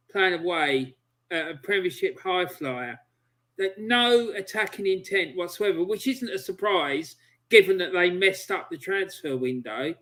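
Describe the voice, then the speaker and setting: High, bright-voiced man on a video call; fuming, emphatic fan rant. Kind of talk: heated football fan rant.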